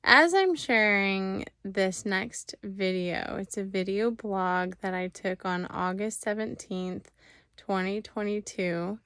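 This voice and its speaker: Woman host, gentle and encouraging, talks slowly with a crisp, smooth tone. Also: mid-range voice, dry recording, studio quality. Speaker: host introducing her video. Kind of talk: casual to-camera intro.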